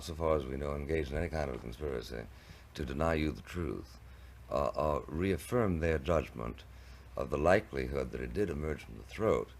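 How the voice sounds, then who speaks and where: Very deep gravelly man in debate. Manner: stammering restarts, ornate wording, wry. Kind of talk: televised debate. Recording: archival 1960s TV recording.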